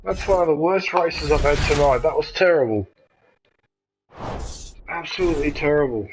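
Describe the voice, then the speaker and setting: Frustrated man muttering over loud racing noise. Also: a little high, moderate pace. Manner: frustrated, swears, mutters to himself. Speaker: gaming channel host. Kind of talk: live gameplay commentary. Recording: loud game car noise behind.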